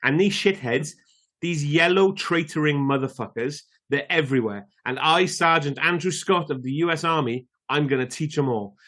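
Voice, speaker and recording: A man's voice: fairly high pitch, moderate pace, a bit bright, natural voice. A man from Wales putting on a ranting, belligerent soldier from an action film. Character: unhinged male soldier impression, rough and belligerent.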